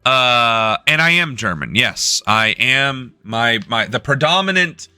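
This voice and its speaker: A man's voice: mid-range voice, sing-song, slow pace, pushed and bright, clear, resonant tone, no echo, soft background music. A young man from the United States hosting a political live stream, ranting in a profane, sarcastic way.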